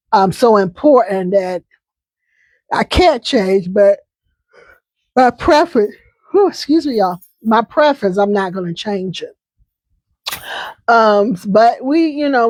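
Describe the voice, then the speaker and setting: A woman's voice: fairly high pitch, a little mellow, dry recording. A woman hosting a casual live chat, talking in a chatty, emphatic way and often repeating herself. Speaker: host.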